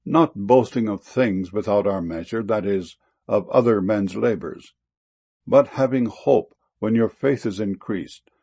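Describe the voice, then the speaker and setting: A man giving a solemn, measured reading of King James scripture. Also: fairly low pitch, a little mellow, husky.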